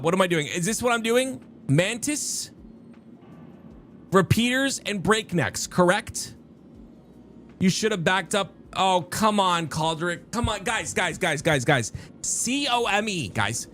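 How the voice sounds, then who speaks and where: Faint music plays as a man streams a game and chats casually with his audience, rambling and often interrupting himself. He has a high, slightly bright voice, and there's slight background noise.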